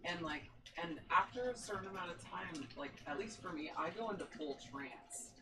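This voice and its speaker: A woman's voice: on the low side, expressive, normal speed. A woman talking as a podcast guest, telling a story in casual chat, full of enthusiasm and frequent laughter. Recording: distant mic with noticeable background noise.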